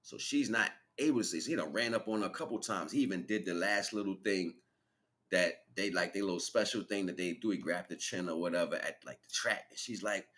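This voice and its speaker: A man's voice: sits low, fairly quick, a bit bright. A man hosting a livestream, talking in a loose, rambling, slang-filled way and laughing as he retells things. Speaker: livestream host. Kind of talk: casual spiritual monologue.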